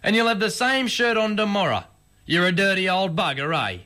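A man voicing a blunt, teasing old farm grandmother, in a higher voice. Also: lively intonation, normal speed, pushed and bright. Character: dry, sharp-tongued old farm grandmother.

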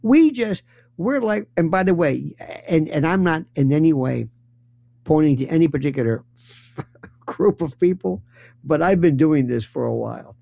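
A man's voice: a little high, expressive, moderate pace, creaky, dark tone, no echo. A man delivering a rambling, sarcastic political commentary monologue and running through long lists of issues. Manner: rambling, sarcastic, list-driven.

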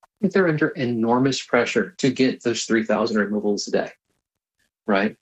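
A man answering a news interviewer, brisk and assured, in a mid-pitched voice. He speaks with steady conviction. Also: low-quality recording. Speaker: interview guest, former attorney.

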